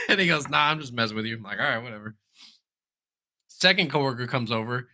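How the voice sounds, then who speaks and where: A man co-hosting a podcast, telling stories in casual chat, animated, laughing often and swearing freely. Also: medium pitch, fairly quick, long pauses. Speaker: podcast co-host.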